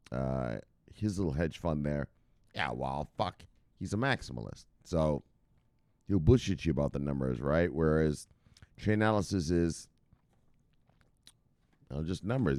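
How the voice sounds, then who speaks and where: Deep-voiced guy ranting about crypto news, swears a ton, swings up and down a lot. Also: mellow, dry recording, clean studio sound. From United States. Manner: brash, swears a lot, laughs at own jokes. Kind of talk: profane casual commentary.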